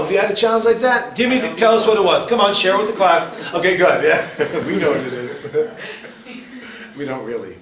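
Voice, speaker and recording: A male rabbi teaching a class to a live audience, joking and firing questions at the listeners. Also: high-pitched. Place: lecture hall with audience. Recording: roomy, distant mic, faint ambience.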